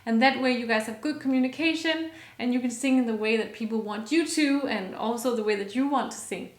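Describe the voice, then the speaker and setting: A woman's voice: a little high, fairly bright tone, reverberant. A woman vocal coach explaining singing technique to her viewers, upbeat and enthusiastic, stopping to sing short examples.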